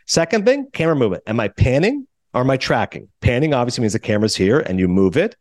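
A man co-hosting a talk show, retelling interviews in a quick, animated casual chat and acting out quotes in higher voices. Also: no room sound, studio quality. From New Jersey. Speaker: radio show co-host.

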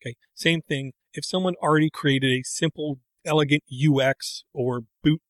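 A man's voice: a little high, steady tone, normal speed, dry recording. A middle-aged man co-hosting a casual chat, rambling and breaking off into tangents. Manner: rambling, self-interrupting, tangents. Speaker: podcast co-host.

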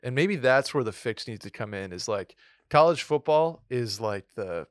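A man's voice: mid-range voice, expressive, normal speed, dry recording, clean studio sound. A man co-hosting a sports podcast, talking casually with many restarts, jokes and swearing. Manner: rambling, restarts, swears, jokey. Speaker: podcast co-host.

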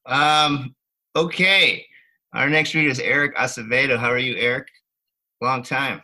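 Brief: male reading-series host, chatty, very bright tone. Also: mid-range voice, a little slow. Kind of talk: casual chat.

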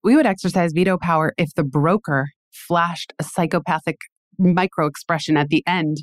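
Woman, podcast host, lowish voice, animated storyteller, dry close sound. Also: moderate pace, no echo. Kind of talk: conversational interview.

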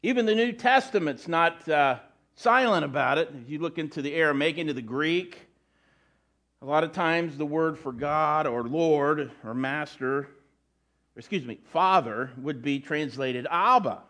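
A man's voice: a little high, normal speed, sharp tone. Conversational male pastor preaching. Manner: conversational preaching with frequent restarts and asides. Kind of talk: sermon.

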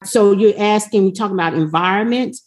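Woman, panel guest, emphatic, conversational, mid-pitched voice. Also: brisk, darkish tone. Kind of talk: panel discussion.

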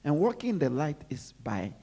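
Preacher w a raspy gravelly voice, goes quiet then punchy, repeats stuff a lot. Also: big pitch swings, moderate pace. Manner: repeats phrases, drops to low murmurs between emphatic lines. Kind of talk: sermon.

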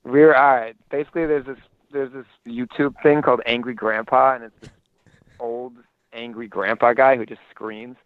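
A man's voice: medium pitch, steady tone, moderate pace, clear, resonant tone, dry recording. A young man calling in to a show, telling a rambling story full of restarts and fillers, heard over a phone line. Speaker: caller. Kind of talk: casual phone chat.

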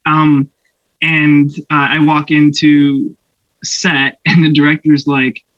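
Brief: young actor guest, animated storyteller, laughs often, dull dry podcast sound. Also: male voice, fairly high pitch, slow pace, dry recording. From Canada. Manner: animated, laughing, acts out voices in anecdotes. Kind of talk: casual storytelling interview.

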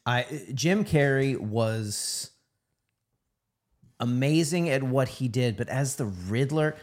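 A man's voice: medium pitch, lively intonation, slow. A man chatting casually about movies, asking questions and pushing back.

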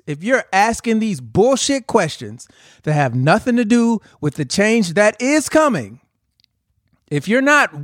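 Ranting man with a lively voice. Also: high-pitched, slow, dry recording, clean studio sound. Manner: emphatic, ranting, profane. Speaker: podcast co-host. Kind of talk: heated casual chat.

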